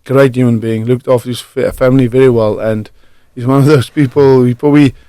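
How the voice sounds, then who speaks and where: A man in his thirties from South Africa, with a South African accent tinged with Irish, telling stories as a radio studio guest in a halting way, full of fillers and restarts. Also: medium pitch, fairly even intonation, dark tone, clean tone, no echo. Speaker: guest, former rugby player. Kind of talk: relaxed storytelling in a radio interview. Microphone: studio microphone, close and dry.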